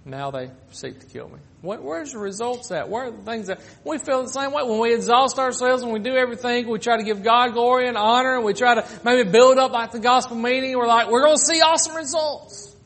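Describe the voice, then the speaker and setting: High-voiced male preacher, dramatic swings. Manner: swings from loud pleading to hushed, drawn-out phrases. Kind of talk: sermon.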